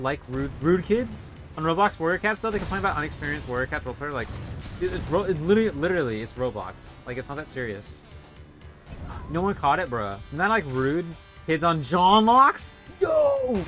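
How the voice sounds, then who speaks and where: A man's voice: fairly high pitch, fairly bright tone. A young man casually commentating a video game stream, rambling and swearing often.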